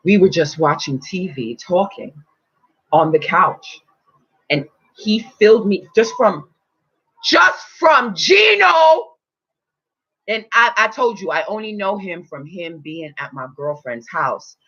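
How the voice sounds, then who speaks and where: A woman spiritual teacher telling a personal story in casual, animated talk, swearing freely and acting out quotes. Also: lowish voice, a little slow, slightly rough. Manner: animated, swearing, acts out quotes in loud voices. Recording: dull lo-fi recording.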